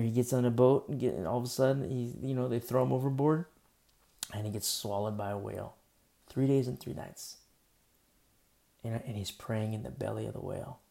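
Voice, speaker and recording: A man preaching a sermon, acting out bits of dialogue and dropping to soft, hushed lines for emphasis. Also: medium pitch, moderate pace, gravelly, pauses often. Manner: animated preaching, acts out dialogue, drops to near whispers. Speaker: pastor.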